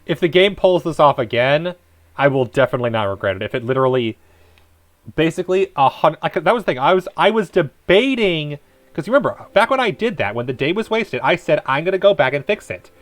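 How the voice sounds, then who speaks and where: Rambling let's play man, lively pitch. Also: a little fast, no room sound. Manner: rambling, self-interrupting. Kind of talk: casual gameplay commentary.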